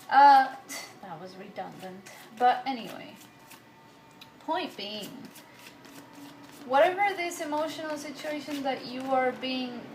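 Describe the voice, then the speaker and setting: A woman with a high-sitting voice gives a casual tarot reading, chatty and rambling, occasionally swearing and drifting between accents. The recording is an echoey room with faint ambience and a little hiss or hum.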